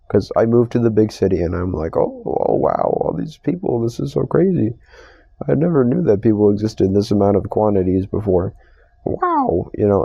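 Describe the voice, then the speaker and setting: A man's voice: lowish voice, vocal fry, warm tone, no room sound, muffled recording. A young man hosting a casual solo podcast, rambling and swearing in an exasperated rant about strangers. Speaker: podcast host. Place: store receiving area.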